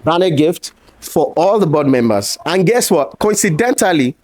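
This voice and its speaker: A man speaking on stage at an event, telling lively stories with pidgin asides. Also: on the high side, unhurried. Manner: animated, acts out quoted voices with pidgin asides. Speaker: conference speaker. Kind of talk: storytelling talk on stage. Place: event stage before an audience.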